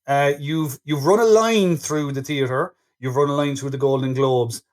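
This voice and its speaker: A man's voice: mid-range voice, moderate pace, darkish tone. Jokey Irish man chatting on a podcast. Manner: jokey, rambling, laughs often. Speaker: podcast co-host. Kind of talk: casual chat.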